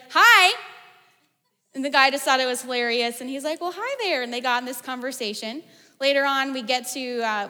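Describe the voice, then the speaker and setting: A woman in her thirties giving a sermon, animated and conversational, telling stories with casual asides. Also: high-pitched. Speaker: preacher. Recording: long hall reverb.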